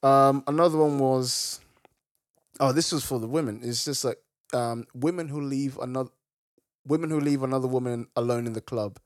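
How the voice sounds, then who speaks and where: A young man co-hosting a casual podcast chat, easygoing and quick to laugh and agree. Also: medium pitch, steady tone, no room sound, clean studio sound. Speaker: podcast co-host.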